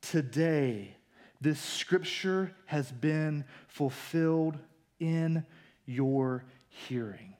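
A serious male teacher addresses a crowd with slow, weighty emphasis. A preacher acts him out, and his voice sits fairly high. The words land one at a time. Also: sing-song, a little mellow. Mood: earnest.

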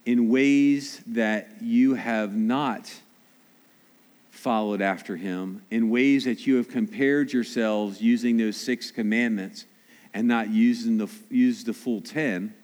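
A man preaching a sermon as pastor, swinging between hushed slow appeals and loud animated asides. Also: medium pitch. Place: church sanctuary. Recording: long reverb of a large hall.

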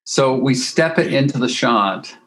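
A man, a photographer being interviewed, telling a story in a casual, animated way and acting out what people said. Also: medium pitch, measured pace, low-quality recording. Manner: animated anecdote-telling with acted-out quotes. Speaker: photographer guest.

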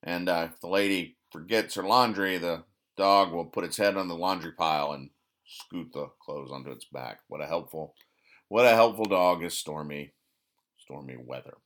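A man hosting a podcast, recapping comic strips in a rambling, deadpan way, stumbling and correcting himself as he dryly explains each joke. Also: low-pitched, normal speed. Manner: rambling, self-correcting, dry sarcastic explanations. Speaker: podcast host.

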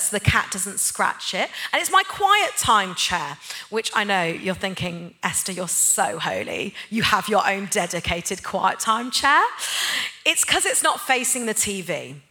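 Woman, church sermon, bright sharp tone, conversational, rising to passionate emphasis. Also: medium pitch. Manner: conversational and personal, building to impassioned emphasis. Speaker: church speaker, head of a neighbour-love ministry. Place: church gathering.

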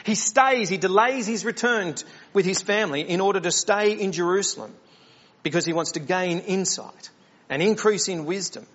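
A man's voice: sits high, moderate pace, fairly bright tone, highs cut off. A man preaching a sermon as the church pastor, earnest and questioning, often restarting his words.

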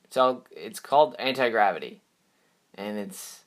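This podcast host's outro is a casual solo ramble, upbeat and packed with fillers and restarts. He speaks at normal speed in an expressive, somewhat low voice.

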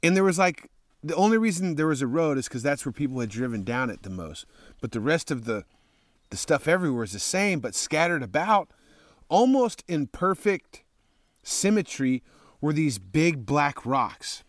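A man from Texas recounts a motorcycle ride in loose, rambling talk, swearing freely and getting worked up. His voice sits a little high for a man, and the sound is dry and close. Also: moderate pace, no room sound. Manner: rambling, profane, excitable. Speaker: motorcycle traveler. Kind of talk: casual spoken travel story.

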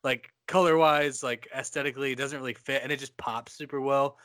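Bright-toned man in a dry room. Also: mid-range voice, fairly even intonation, a little fast, smooth, no echo. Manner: loose, rambling, casual swearing. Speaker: podcast co-host. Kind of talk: casual film discussion.

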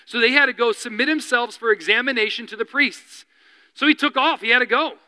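A man's voice: very high-pitched, fairly quick, pushed and bright, big-room sound. A man preaching a sermon as pastor, earnest and building to impassioned appeals.

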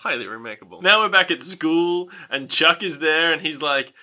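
A man's voice: a little high, moderate pace, hardly any pauses, sharp tone. A man, recapping a film in casual, sarcastic chat and acting out the lines. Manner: laid-back, sarcastic, swearing, acts out lines. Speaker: podcast co-host.

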